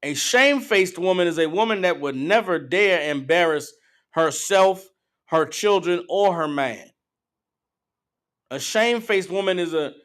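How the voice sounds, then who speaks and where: A man's voice: sits high, expressive, measured pace, fairly bright tone. A man preaching a blunt, profane street-style sermon, slipping into mocking impressions. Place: meeting hall.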